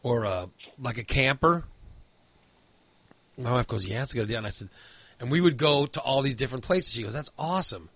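A man's voice: medium pitch, a little fast, long pauses, a bit bright, breathy edge, no room sound. A man chatting casually, telling a long rambling story full of fillers and restarts. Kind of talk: casual chat.

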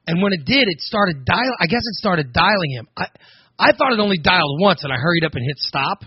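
A male show host tells long, rambling stories and keeps restarting his sentences. His voice is husky and a little high. The sound is dry and dull. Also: animated, a little fast, no echo. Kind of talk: casual live show chat. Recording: dull lo-fi stream audio.

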